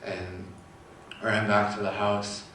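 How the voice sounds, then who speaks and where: A young man telling a personal story in a halting, quiet way with long pauses. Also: fairly low pitch, level tone, a little hiss or hum. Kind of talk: personal testimony. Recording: echoey room from far off.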